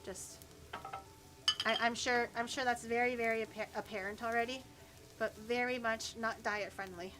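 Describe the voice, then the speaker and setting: In her home kitchen, a vtuber streamer cooks while chatting casually to her chat, often swearing and stuttering or repeating words. Her slightly high voice keeps a fairly even intonation at a moderate pace, against a noisy background.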